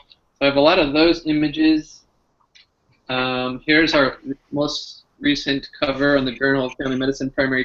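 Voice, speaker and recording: A man's voice: a little high, a bit bright. A man, a physician guest, chatting in an upbeat way on a video call and showing items as he talks. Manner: upbeat, shows items while talking. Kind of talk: casual video-call chat. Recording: dull lo-fi call audio.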